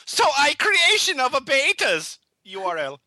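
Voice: high-pitched, wildly swooping pitch, unhurried, sharp tone, no echo. A podcast host reading broken English aloud in a mock-earnest way for comedy.

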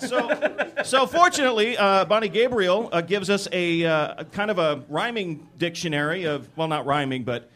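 A man presenting at a live podcast show, reading comic passages and long word lists from a book in a deadpan way, with frequent filler words. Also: high-pitched.

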